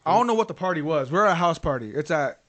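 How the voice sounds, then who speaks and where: A man's voice: fairly high pitch, lively intonation, very fast, a bit bright. A man hosting a podcast, telling a story in casual chat, full of swearing and fillers like "like" and "um.". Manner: profane, rambling with frequent fillers. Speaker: podcast host.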